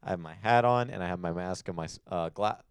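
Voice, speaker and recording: Young man, casual co-host chat, animated storytelling, low voice, smooth tone, dry room. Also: fast, no room sound. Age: young adult. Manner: animated storytelling with many fillers. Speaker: podcast co-host.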